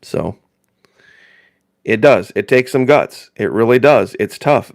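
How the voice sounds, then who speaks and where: A man's voice: mid-range voice, animated, slow, vocal fry, pauses often, dry recording. Folksy rambling man, dry close sound. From northern Indiana, US. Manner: rambling and folksy, repeats phrases for emphasis. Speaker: live-stream host. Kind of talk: casual live-stream chat.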